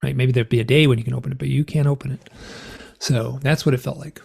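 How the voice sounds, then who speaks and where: A man's voice: medium pitch, fairly even intonation, fast talker, gravelly, a little mellow, breathy edge. A man, an interview guest, telling a personal story in conversation and acting out the remembered dialogue with big swings in his voice.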